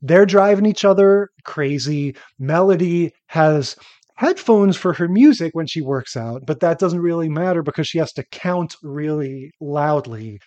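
A man's voice: fairly high pitch, animated, a little slow, a little mellow, no echo, dull audio. A man co-hosts a casual podcast chat about old television. He offers frank, dry critiques in an easy, conversational voice, with a few filler words along the way. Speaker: podcast co-host. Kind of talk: casual chat recapping TV episodes.

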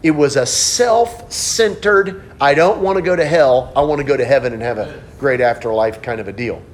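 A middle-aged man preaching a sermon as pastor, telling stories and swinging between hushed, low passages and animated outbursts. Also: normal speed, a little hiss or hum.

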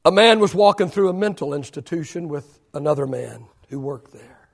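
A man in his fifties preaching a sermon to a church, swinging between loud declarations and hushed whispers. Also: on the high side, lively intonation, normal speed, vocal fry. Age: 50s. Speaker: pastor.

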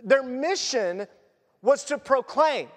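A man preaching a sermon in a conversational, animated storytelling manner. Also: very high-pitched, takes it slowly. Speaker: pastor. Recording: long church reverb.

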